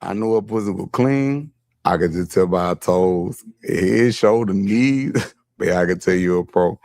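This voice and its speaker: A man's voice: a little slow, a little mellow, no room sound, studio quality. A man speaking as a podcast guest, joking crudely in casual interview talk, heard from a played clip. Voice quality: low gravelly voice, crude joking.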